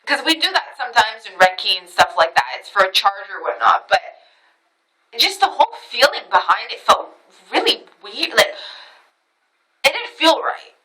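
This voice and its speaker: A woman telling a personal story to camera in a casual, animated way, swearing freely and acting out what others said. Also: fairly high pitch, normal speed, poor audio.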